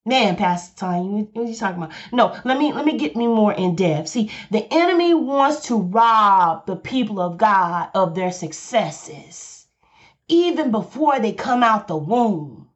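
A woman's voice: medium pitch, lively intonation, a little slow, dull audio. A woman pastor with a Southern US accent, preaching passionately on a podcast and repeating her points. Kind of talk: podcast sermon.

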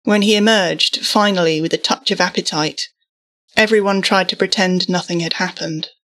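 A woman narrating a story aloud in an even, measured reading voice. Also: lowish voice.

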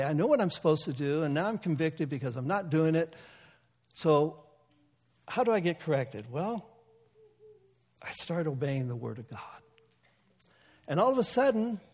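A man preaches a sermon in a friendly, folksy manner, mixing teaching with jokes and asides to people in the pews. His voice sits a little high for a man. The sound carries the long reverb of a church sanctuary. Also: darkish tone. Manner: folksy and conversational, with humor and asides to the congregation. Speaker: pastor.

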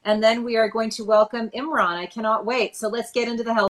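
A woman's voice: fairly high pitch, flat delivery, brisk. Woman, podcast host, chatty, emphatic, casual political talk. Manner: chatty, emphatic, steering segments.

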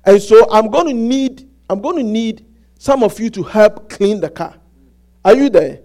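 A high-voiced man preaching to his congregation. He talks in halting bursts with many restarts and keeps asking whether they get it. The telling is animated and insistent. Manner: repetitive, asks the congregation "Do you get it?". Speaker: pastor. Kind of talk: sermon.

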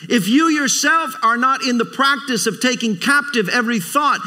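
A man's voice: very high voice, normal speed, bright, forceful tone. A man preaching a sermon as a visiting speaker, emphatic, repeating phrases for stress and calling for amens. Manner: calls for amens from the congregation. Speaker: guest preacher.

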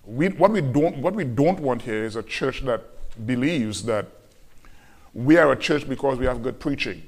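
A man preaching a sermon as pastor, emphatic and repetitive, slowing down to quote scripture. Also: medium pitch, animated, a little mellow. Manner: emphatic preaching, repeats key phrases, slows on scripture quotes.

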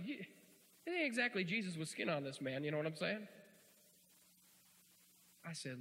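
Male preacher, folksy and joking, fairly high gravelly voice, ringing hall reverb. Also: animated, moderate pace, long pauses. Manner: folksy, joking, swings from quiet asides to loud shouts. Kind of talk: sermon.

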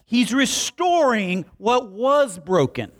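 A young pastor with a very high-pitched voice speaks slowly as he preaches a sermon. He's animated, telling jokey stories and acting out quotes along the way.

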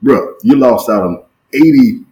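A man's voice: mid-range voice, lively intonation, a little slow, mellow, poor audio. A man co-hosting a sports podcast in casual chat, slangy and emphatic, repeating phrases for effect. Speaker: podcast co-host.

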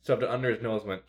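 A man chatting casually with friends on a podcast, rambling through stories and laughing often. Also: lowish voice. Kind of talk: casual chat.

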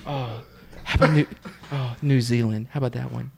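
A man's voice: mid-range voice, steady tone, normal speed, gravelly, background noise. A man calling in, eager and stammering, giggling as he asks for requests. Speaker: caller. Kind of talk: comedy sketch.

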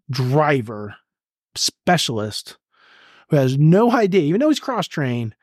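Speaking with a medium-pitched voice, a middle-aged retired army sergeant major shares intense combat tales as a guest on an interview podcast. He's blunt and profane, vividly acting out shouted orders, and the recording is dry with a clean studio sound.

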